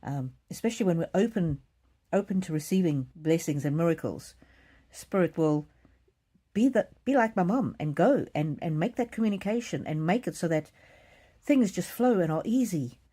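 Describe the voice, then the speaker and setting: A middle-aged woman hosts a card-reading live stream and shares a personal story. She speaks in an earnest, emotional way, often stumbling and restarting her sentences. Her voice is low and warm. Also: expressive, moderate pace, husky.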